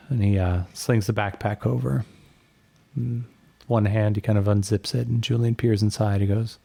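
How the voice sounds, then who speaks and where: A man narrating a solo tabletop role-play game, thinking aloud in a relaxed, musing way. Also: fairly low pitch, a little slow, gravelly.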